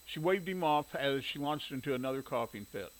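A man reading a story aloud in steady audiobook narration. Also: on the high side, fairly quick, rough recording.

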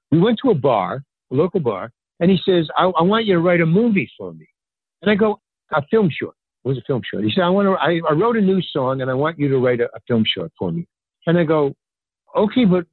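An older man telling a rambling story as a podcast guest, acting out the people in it with lively jumps in his voice. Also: slightly rough, dry recording. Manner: animated, acts out quoted dialogue with pitch jumps; rambling, filler-heavy, restarts sentences. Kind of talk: casual anecdotal storytelling. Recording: tinny phone-line sound, dry.

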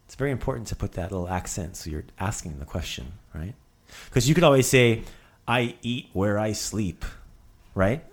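A man's voice: lowish voice, very animated, fast. A middle-aged man hosting a casual podcast lesson, joking and repeating words for practice. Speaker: language teacher and host.

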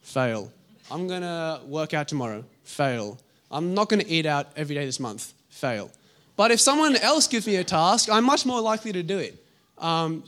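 A young man preaching a sermon, telling a story in lively asides and acting out the people in it. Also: a little high, normal speed.

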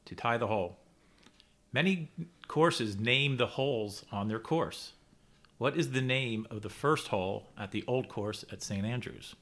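A man acting as quizmaster on a casual podcast, reading questions steadily and announcing answers crisply. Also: mid-range voice, a little slow, a bit bright, a little hiss or hum.

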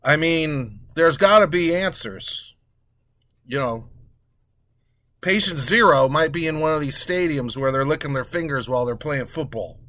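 A man hosting a casual talk show, ranting in a crude, sarcastic, animated way. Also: a little high, unhurried, dry recording. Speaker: podcast host.

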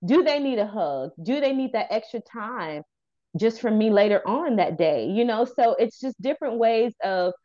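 A woman's voice: fairly high pitch, moderate pace, highs cut off. Earnest woman telling a personal story. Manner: earnest, animated storyteller acting out quoted dialogue. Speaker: guest, youth center founder and licensed therapist. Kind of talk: interview storytelling.

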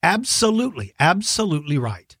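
A fairly high-voiced man hosts a podcast for children and answers their questions with friendly enthusiasm. He talks casually, full of ums and quick restarts. The sound is dry and close, with no room echo. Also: big pitch swings, a bit bright, husky. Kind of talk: casual chat to young listeners.

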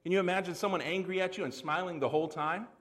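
A middle-aged pastor preaching a sermon in a folksy, conversational way. He tosses rhetorical questions and homely asides to the congregation. His man's voice sits on the higher side. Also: fairly even intonation, fast talker, fairly bright tone.

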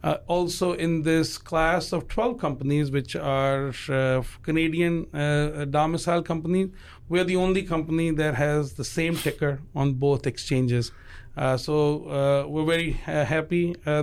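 A middle-aged man from Pakistan, a company chief being interviewed in a studio, speaking in a measured, halting way with many fillers. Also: a little high, fairly even intonation, smooth. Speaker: pharmaceutical company CEO guest.

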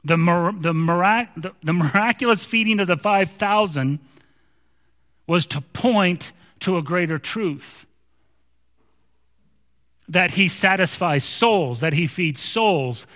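Male preacher, conversational emphatic sermon delivery, bright tone, long hall reverb. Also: high-pitched, slow pace.

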